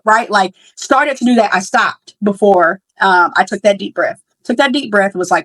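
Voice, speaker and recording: A woman's voice: medium pitch, brisk, fairly bright tone, dry recording, poor audio. Chatty young mother, dry close sound. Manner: chatty, many fillers and restarts; candid and reflective. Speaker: podcast host. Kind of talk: casual storytelling.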